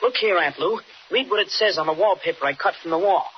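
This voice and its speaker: An actor playing an eager, excitable teenage boy reporter in a 1940s radio drama. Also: high voice, fast, lightly acted. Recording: dull old radio recording with faint hiss.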